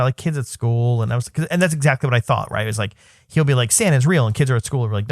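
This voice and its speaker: A man in his thirties chats casually as a podcast co-host, winding through a story with lots of fillers and restarts. His voice sits at an ordinary middle pitch, and the recording is close and dry. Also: fairly quick, no room sound. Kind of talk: casual chat.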